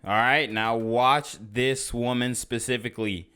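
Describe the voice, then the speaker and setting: A man's voice: medium pitch, fairly even intonation, measured pace, background noise. A man hosting a casual reaction commentary, blunt and slangy as he talks over news clips. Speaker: commentary channel host.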